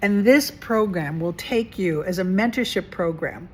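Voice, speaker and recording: A woman's voice: fairly low pitch, unhurried, a little mellow, slight background noise. A woman talking straight to her viewers in a casual self-help vlog as a mentor, chatty, asking rhetorical questions and repeating phrases for emphasis. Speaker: mentor and coach.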